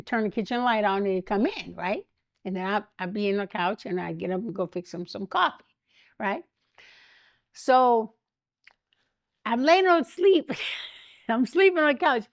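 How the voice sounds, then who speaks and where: An older woman, a guest in an interview, telling animated stories and acting out the voices of the people in them, often breaking into laughter. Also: on the high side, no room sound, clean studio sound. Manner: animated anecdotes, laughs often, acts out quotes. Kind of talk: storytelling interview.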